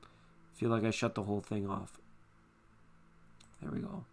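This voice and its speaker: A man's voice: lowish voice, level tone, unhurried, gravelly, darkish tone. A man hosting a live tarot stream, chatting casually and reassuring viewers by name.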